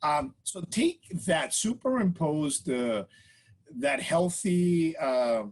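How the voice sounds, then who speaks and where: A man's voice: fairly high pitch, lively intonation, takes it slowly, low-quality recording. A man as a podcast guest, explaining in casual interview talk and checking in with frequent "right?" and "you know" tags.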